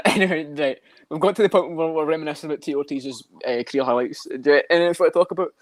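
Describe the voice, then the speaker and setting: A man's voice: on the high side, rapid-fire, no echo. A man co-hosting a casual podcast, swearing often and laughing as he rambles. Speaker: podcast co-host. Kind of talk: casual chat about MMA.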